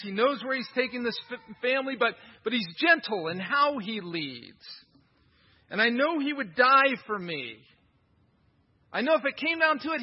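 A man's voice: very high voice, highs cut off, pitched above the performer's own voice. A male preacher voicing a devoted Christian wife who earnestly praises her husband, in a slightly raised voice. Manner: earnest, ends in defiant refusal.

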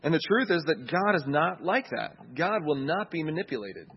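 A man's voice: fairly high pitch, big pitch swings, moderate pace, husky, dull audio. A man preaching a sermon in a conversational way, checking in with listeners as he goes. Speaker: pastor.

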